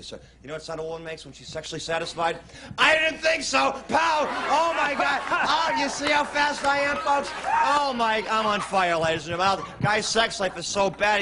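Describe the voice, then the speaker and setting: A man doing a rapid-fire club comic routine, brash and loud, punching each joke with a shouted catchphrase in cheesy old-school showman patter. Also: high voice. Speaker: stand-up comedian guest. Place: TV studio stage before a live audience.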